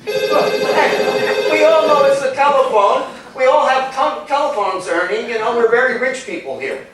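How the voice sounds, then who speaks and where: An actor playing a loud, sarcastic rich man at a party in a live stage comedy. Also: extremely high pitch, animated, unhurried, very noisy. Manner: sarcastic, complaining. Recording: echoey stage sound from a distant mic. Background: audience laughter.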